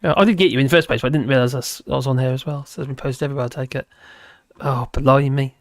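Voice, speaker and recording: A man's voice: medium pitch, fairly even intonation, racing, dry recording, studio quality. A man hosting a live stream, chatting casually with viewers and rambling between topics while laughing often.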